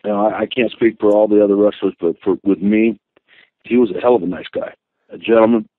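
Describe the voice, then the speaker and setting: An older man, a guest and former wrestler, telling rambling, animated stories with many restarts. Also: fairly low pitch, fast talker, no echo. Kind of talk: storytelling interview. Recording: tinny phone line.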